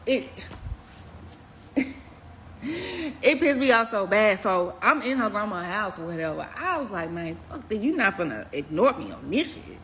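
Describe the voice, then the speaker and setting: A young woman telling a personal story in a casual storytime video, animated and profane, swinging between loud outbursts and low mutters. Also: a little hiss or hum. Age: young adult.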